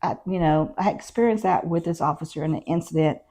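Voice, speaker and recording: A fast-talking woman with a low, mellow voice, she's a middle-aged former constable appearing as an interview guest. She recounts events conversationally, acting out what others said through quoted dialogue.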